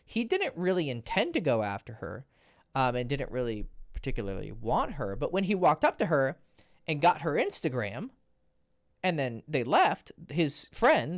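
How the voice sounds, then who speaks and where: A man's voice: mid-range voice, huge pitch swings, normal speed, no room sound, studio quality. A man working as a dating coach, telling a client story in a blunt, casual, profane way.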